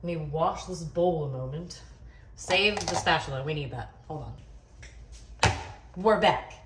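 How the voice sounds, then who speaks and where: A woman's voice: deep voice, a little slow. A woman hosting a casual cooking video in her home kitchen, chatty and joking at her own expense. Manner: chatty, joking, self-deprecating. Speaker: cooking channel host. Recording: echoey kitchen, distant mic, background noise.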